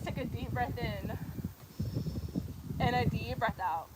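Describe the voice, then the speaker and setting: A woman's voice: fairly high pitch, slow pace, very noisy. A woman guiding a yoga class, cueing breaths and poses while doing them herself, a little out of breath, encouraging and casual. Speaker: yoga instructor.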